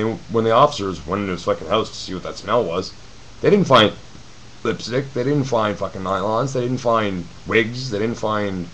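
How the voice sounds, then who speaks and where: A man's voice: fairly low pitch, a bit bright, a little hiss or hum, poor audio. A man giving a blunt, profane, rambling webcam rant to his viewers from his apartment. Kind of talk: ranting webcam video reply. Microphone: camcorder mic.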